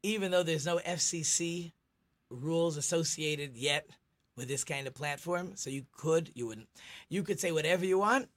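A man's voice: fairly high pitch, moderate pace, fairly bright tone. A middle-aged man, a rabbi hosting a radio talk show, chatty and teacherly, telling jokes.

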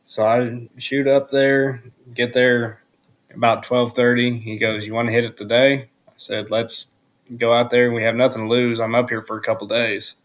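A man on a podcast, telling a story in a steady, matter-of-fact way. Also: mid-range voice, moderate pace. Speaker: podcast guest. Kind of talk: casual storytelling.

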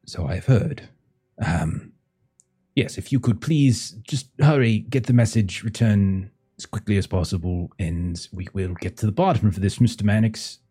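A cold, brusque alien overseer woman, as a man puts her on, with a low, dark and husky voice. She sounds curt and impatient. Soft music plays faintly underneath. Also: measured pace.

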